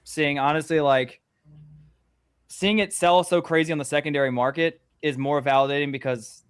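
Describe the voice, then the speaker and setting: Brief: male comic creator, slightly higher voice, animated storyteller. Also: moderate pace, clean tone, no room sound, studio quality. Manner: lively, profane, acts out quotes. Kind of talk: casual storytelling chat.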